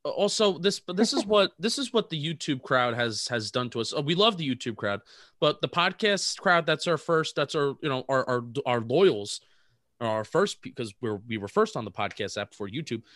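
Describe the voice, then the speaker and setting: A man's voice: mid-range voice, big pitch swings, moderate pace, a bit bright, no room sound, studio quality. A man co-hosting a casual sports podcast over a video call, playful and a little rambling. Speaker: podcast co-host.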